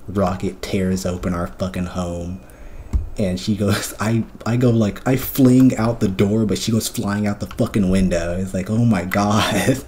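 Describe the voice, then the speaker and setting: Man, very low voice, swearing a lot, rambling casual story, faint typing behind. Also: fairly even intonation, a little slow, a little mellow, a little hiss or hum. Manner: profane, rambling storytelling with many fillers. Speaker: streamer. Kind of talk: casual chat, recounting a dream.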